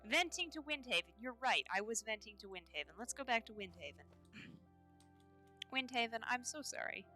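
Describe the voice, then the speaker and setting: Lively, bright-voiced woman streamer. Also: on the high side, normal speed. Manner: scattered, rambling, talks to chat. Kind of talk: in-character roleplay chat while gaming. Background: faint background music.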